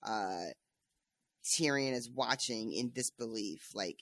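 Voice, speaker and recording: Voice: mid-range voice, sing-song, a little slow, bright, forceful tone, no echo. A podcast co-host casually recapping book chapters, laughing often.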